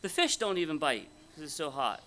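A man's voice: a little high, sing-song, brisk, pushed and bright. A man preaching a conversational, folksy sermon at a Bible conference, often asking his audience questions. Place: conference hall before an audience.

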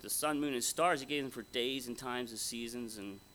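At a Bible conference, a man preaches a conversational, folksy sermon to an audience in a conference hall, frequently posing questions to them. His voice is medium-pitched, fairly quick, and a bit bright.

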